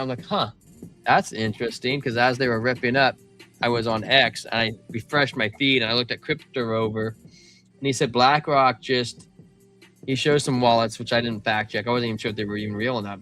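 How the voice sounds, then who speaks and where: A man hosting a casual crypto livestream, running through charts in an excitable, slangy way. His voice sits at an ordinary middle pitch with a bright, forceful tone. Faint music plays underneath. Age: adult father of a young child. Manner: loose, slangy, excitable, calls listeners man and bro. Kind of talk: casual market chart commentary.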